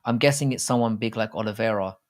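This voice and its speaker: A man's voice: on the low side, quick pace. Rambling, crude-humored male streamer. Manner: rambling, crude and jokey, with frequent restarts. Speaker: livestream host. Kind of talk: casual live-stream chat about fight betting.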